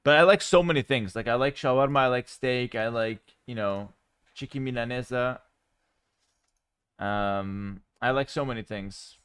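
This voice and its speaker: A man talks loosely to his stream, relaxed and rambling, with plenty of fillers. His voice is smooth and resonant, mid-pitched. The sound is dry and close to a desk mic. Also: moderate pace, no room sound. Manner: relaxed and chatty, with frequent fillers. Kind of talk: casual livestream chat.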